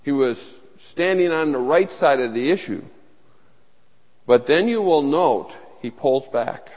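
A man's voice: on the high side, expressive, unhurried, darkish tone. A man preaching a sermon as pastor, earnest and emphatic, often repeating his phrases. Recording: long reverb of a large hall.

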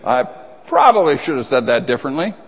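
A man's voice: mid-range voice, sing-song, a little fast, slightly rough. A man preaching a sermon in a conversational, emphatic way, with asides and restarts. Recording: long reverb of a large hall.

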